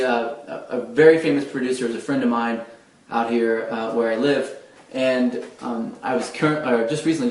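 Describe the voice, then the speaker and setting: A man coaching viewers on confident speech, talking earnestly with frequent restarts and fillers. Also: medium pitch. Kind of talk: direct-to-camera advice talk. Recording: roomy echo, mic at a distance.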